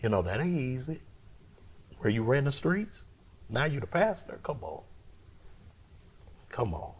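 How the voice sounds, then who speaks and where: A middle-aged man from Omaha, a pastor, telling his story in an interview in an animated, conversational way. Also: medium pitch, measured pace, slightly rough. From Omaha, Nebraska, US. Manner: animated, acts out quoted voices, vernacular phrasing.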